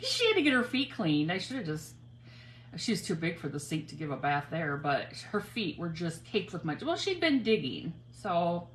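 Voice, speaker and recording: A woman's voice: fairly low pitch, huge pitch swings, moderate pace, slight background noise. A middle-aged woman hosting a casual crafting livestream, chatting in a rambling way and greeting viewers by name. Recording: roomy home recording with faint ambience.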